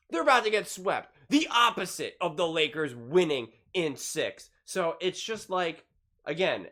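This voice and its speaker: A man's voice: medium pitch, fairly bright tone. A man delivers online sports reaction commentary in an ordinary mid-range voice. He rants with exasperation, piling up rhetorical questions. His delivery is blunt and heated. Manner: ranting, exasperated.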